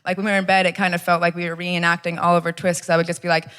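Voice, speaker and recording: A woman's voice: fairly low pitch, level tone, very fast, few pauses, very noisy. A woman performing a brash, punchy stand-up set in a comedy club. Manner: brash, punchy delivery with lots of "okay?". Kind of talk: stand-up routine. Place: comedy club stage, live audience.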